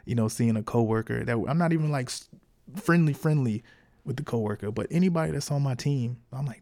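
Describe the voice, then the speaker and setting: A man hosting his own podcast in a casual solo monologue. He talks frankly and encouragingly, in relaxed everyday slang. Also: mid-range voice, fairly quick, gravelly. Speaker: podcast host.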